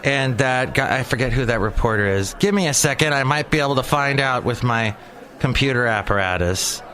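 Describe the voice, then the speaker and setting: Speaking a little fast in a medium-pitched, slightly bright voice, a podcast host in his forties rambles alone on mic. His casual monologue, recorded in a small hot room, wanders through jokes and side tangents.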